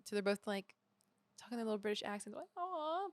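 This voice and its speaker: A young woman co-hosting a loose, casual podcast, talking in rambling, giggly bursts that hop between tangents. Her voice sits at an ordinary middle pitch, and the sound is dry and close with no room around it. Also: flat delivery, fast, darkish tone, no echo. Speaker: podcast co-host. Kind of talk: casual chat.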